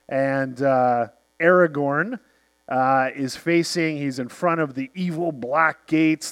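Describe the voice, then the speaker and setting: A man's voice: on the high side, a bit bright. A middle-aged male pastor preaching a sermon, telling stories and quoting famous speeches with drama.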